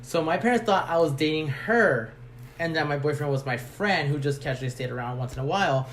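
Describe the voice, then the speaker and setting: Young guy chatting on a podcast, animated, does the voices, bit of hiss behind. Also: fairly high pitch, fairly quick, roomy sound. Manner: animated, acts out quoted voices. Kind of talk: casual chat, storytelling.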